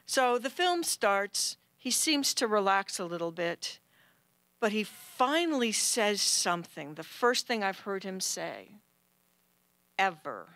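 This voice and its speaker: A woman telling a true personal story on stage, animated and acting out the people in it. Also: mid-range voice, a little slow, no echo. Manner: animated, acts out quoted voices. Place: stage at a film center.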